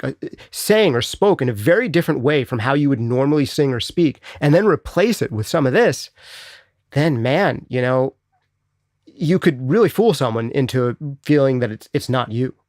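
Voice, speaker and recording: A man hosting a casual live chat, answering viewer questions in a chatty, animated way and thinking out loud. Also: mid-range voice, dry recording, clean studio sound.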